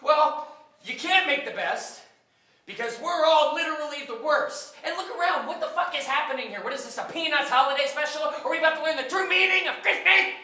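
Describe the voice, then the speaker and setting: Stage comedy: woman as a furious foul-mouthed stranded traveler, high and sharp, roomy live-theatre sound. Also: a little fast. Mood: exasperated. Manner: ranting, yelling insults. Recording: roomy live theatre, distant mic, faint noise.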